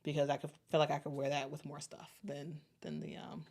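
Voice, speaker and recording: A woman's voice: low-pitched, big pitch swings, darkish tone. Laid-back woman with a Chicago accent. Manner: halting, many fillers and restarts. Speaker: sports show host. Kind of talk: casual livestream chat reading super chats.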